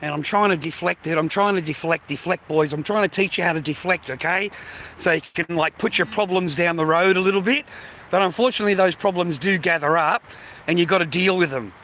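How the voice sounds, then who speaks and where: A man's voice: high voice, brisk, fairly bright tone, a little hiss or hum. An Australian man griping at his live-stream chat in casual talk, swearing heavily and laughing between complaints. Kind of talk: casual livestream rant.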